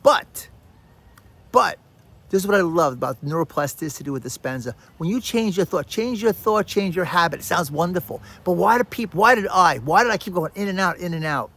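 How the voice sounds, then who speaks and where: A podcast host with a somewhat high voice delivers a casual self-help monologue, talking fast with few pauses. He tells stories animatedly, repeats phrases for emphasis, and addresses the listener directly.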